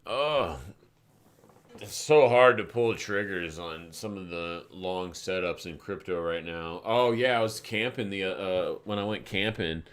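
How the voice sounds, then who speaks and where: Speaking in a low, clean-toned voice, this crypto trading livestream host talks his way loosely through charts and anecdotes. He's easygoing and meandering, and he curses without restraint.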